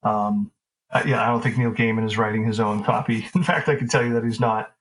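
A man being interviewed as an author, talking in a relaxed, rambling way with lots of fillers and restarts. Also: on the low side, brisk, rough recording. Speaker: author guest. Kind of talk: casual interview conversation.

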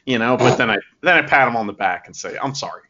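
A man co-hosting a podcast, wry and animated, swearing casually. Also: medium pitch, fast, muffled recording. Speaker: podcast co-host.

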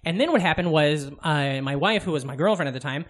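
Man, podcast co-host, high voice, casual chat, rambling, curses a lot, lots of restarts. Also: animated, fairly quick, a bit bright. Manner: rambling storyteller, swears freely, full of fillers and restarts.

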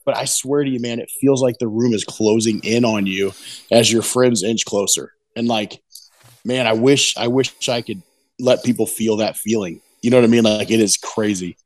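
Excited middle-aged man telling a story. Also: lowish voice, normal speed. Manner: excited, rambling, many "you know what I mean". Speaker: competition barbecue pitmaster, guest. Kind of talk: casual interview storytelling.

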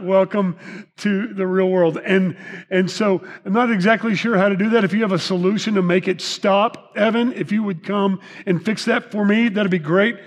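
A male pastor with a high voice gives a sermon in a church sanctuary, where his words ring out in a long reverb. He talks to the congregation in a chatty way, joking and asking them questions. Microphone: microphone. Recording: reverberant hall.

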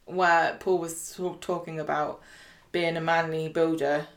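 A woman's voice: low voice, flat delivery, a little slow. A woman, chatting casually as co-host, with jokey asides. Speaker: podcast co-host. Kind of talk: casual chat.

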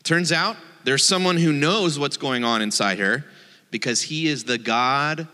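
A man's voice: fairly high pitch, a little slow, sharp tone, in a large hall. A man, a rabbi, giving a playful, joking sermon and acting out the voices in his quotes.

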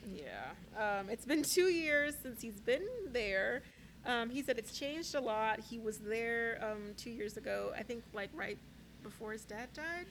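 A woman's voice: on the high side, lively intonation, unhurried, a bit bright, a little hiss or hum, poor audio. A woman co-hosting a casual chat, recapping a reality show, laughing often and full of "like" and "um". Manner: chatty, laughs often, says "like" and "um". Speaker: podcast co-host.

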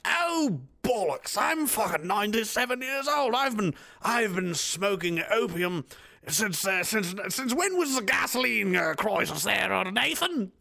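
A man's voice: sits high, very animated, measured pace, gravelly, sharp tone, pitched above the performer's own voice, full character voice. A man voicing a ninety-something upper-class English lord, doddering and drawling.

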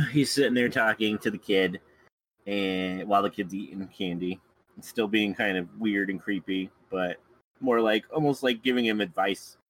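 Recounting a movie plot as a guest on a relaxed podcast, this man chuckles frequently between scenes. His voice is lowish and fairly bright, at a moderate pace, captured in a low-quality recording.

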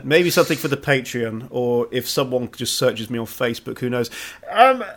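A man with a lively, swooping voice recaps a film on a podcast. He reads the plot summary aloud in a steady way, then drops into joking asides with his co-host. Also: mid-range voice, normal speed. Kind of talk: casual movie recap chat.

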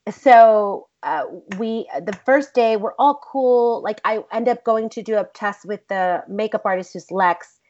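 A woman and actress, the guest in an interview, telling a story in a blunt, profane, animated way. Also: medium pitch, a little slow, hardly any pauses. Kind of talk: casual storytelling. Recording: dull lo-fi recording.

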